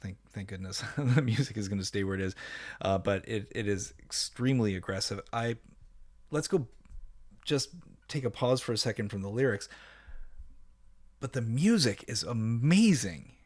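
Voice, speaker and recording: A man reviewing a song in casual commentary, enthusiastic and halting, with many restarts and fillers. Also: lowish voice, a little mellow. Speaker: music reviewer.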